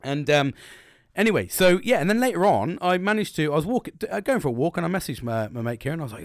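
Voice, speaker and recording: A man's voice: on the high side, sing-song, fast talker, no echo, clean studio sound. A young man hosting a casual solo podcast, rambling and swearing a lot, laughing often. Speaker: podcast host.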